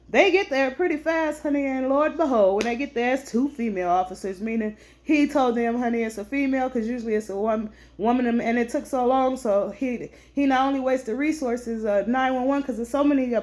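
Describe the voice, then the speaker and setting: A woman's voice: on the high side, darkish tone. A woman, a veteran, animatedly recounting a store incident to camera, indignant and often calling her listeners honey. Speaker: veteran vlogger.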